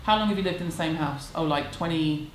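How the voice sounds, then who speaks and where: A woman with a low voice talks briskly from home, answering viewer questions in a casual, candid, self-deprecating chat. The room is echoey, with a faint hum in the background.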